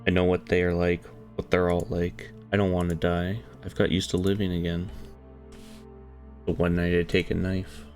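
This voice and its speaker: A man narrating a dark first-person story in a hushed, brooding, confessional way. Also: deep voice, completely flat delivery, normal speed. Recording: soft music behind.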